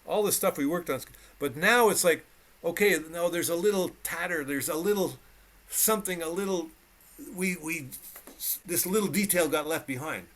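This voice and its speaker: A man's voice: fairly high pitch, normal speed, a bit bright. A man teaching piano on a video call, coaching a student emphatically and repeating short cues as he demonstrates. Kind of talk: one-on-one instruction. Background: piano playing.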